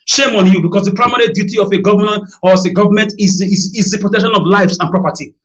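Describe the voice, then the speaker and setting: A man's voice: sits high, fast, fairly bright tone. A Nigerian man making an emotional, accusing public appeal, repeating phrases for force. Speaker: citizen addressing a governor in a video. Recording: dull lo-fi video audio.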